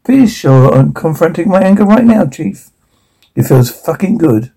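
A man's voice: a little high, animated, normal speed, gravelly, dark tone, husky, exaggerated voice, rough recording. A man reading the lines of an angry, swearing grown man in a drama. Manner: swearing, combative.

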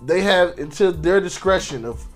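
High-pitched man, heated podcast co-host, talks fast and swears, faint music behind. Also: lively intonation. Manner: impassioned, acts out quotes of police and victims; profane, repeats words when restarting. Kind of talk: casual discussion.

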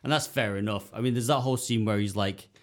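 A man's voice: lowish voice, quick pace. A man co-hosting a casual chat, rambling with many fillers and putting on voices to act out scenes. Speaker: podcast co-host.

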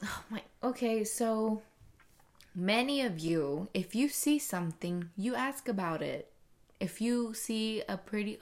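A young woman co-hosting a casual podcast, chatting in an animated way and putting on voices when she quotes people. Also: mid-range voice, unhurried. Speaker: podcast co-host. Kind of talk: casual chat.

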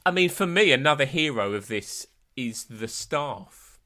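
A man's voice: medium pitch, animated, unhurried, bright, forceful tone. A man co-hosting a podcast, chatting enthusiastically about a documentary. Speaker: podcast co-host. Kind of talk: casual chat reviewing a documentary.

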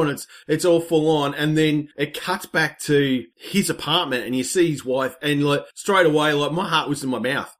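A man casually retelling a film's plot in a rambling, excitable way, full of fillers and restarts. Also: on the high side, normal speed, hardly any pauses. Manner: excitable storytelling. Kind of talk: casual film recap chat.

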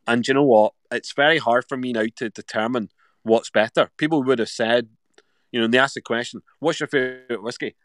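A man's voice: medium pitch, fairly even intonation, brisk, dry recording. Chatty Scottish man with a dry sound. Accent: Scottish with some Northern Irish. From Scotland. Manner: rambling, repeats "do you know what". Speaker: whiskey festival organiser and show co-host. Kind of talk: casual live-stream chat.

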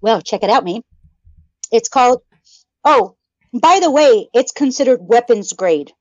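A woman's voice: fairly high pitch, lively intonation, unhurried, no room sound. A woman co-hosting a podcast, swearing constantly and ranting in mock anger in casual chat. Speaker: podcast co-host. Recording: dull lo-fi sound.

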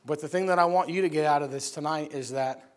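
A man preaching in a church, telling his personal story in an animated, laughing storytelling manner. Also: on the high side, fast. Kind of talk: sermon testimony.

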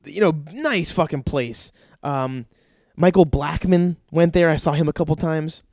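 A man's voice: a little high, a little slow, a little mellow, no room sound, clean studio sound. Profane rambling man in his thirties. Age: 30s. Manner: rambling, profane, acts out other voices in bursts. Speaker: stand-up comedian. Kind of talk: profane comedic rant.

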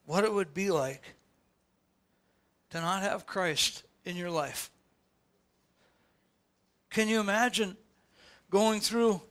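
An older man preaches a sermon from the pulpit, his voice pitched high and ringing bright. He drives his points home with repeated, rising questions to the congregation. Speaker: pastor. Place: church sanctuary before a congregation.

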